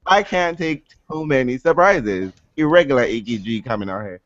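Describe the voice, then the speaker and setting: A man's voice: mid-range voice, lively intonation, moderate pace, fairly bright tone, no echo, highs cut off. A man co-hosting a podcast, chatting casually and telling stories with playful, dramatic asides. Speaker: podcast co-host. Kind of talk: casual chat.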